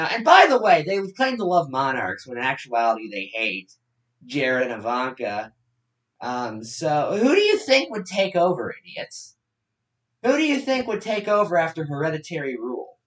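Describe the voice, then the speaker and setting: A man's voice: on the high side, a bit bright. A man giving blunt, mocking commentary on forum posts. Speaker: online commentator.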